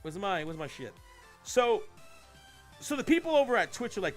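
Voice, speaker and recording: A man with a high, bright voice that swings widely up and down, hosting a casual podcast he streams live. He rambles and swears as he tells the story, with faint music under him. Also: moderate pace. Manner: profane, rambling, animated storytelling. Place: home streaming setup. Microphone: desk mic while streaming live.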